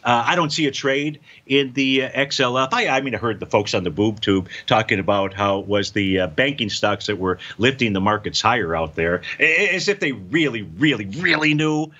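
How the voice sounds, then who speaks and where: A man's voice: on the low side, a little fast, few pauses, pushed and bright, muffled recording. A man hosting a live financial talk show, folksy and emphatic, answering viewer questions and repeating his points. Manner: folksy, emphatic, repeats phrases, says "out there" a lot. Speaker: market show host.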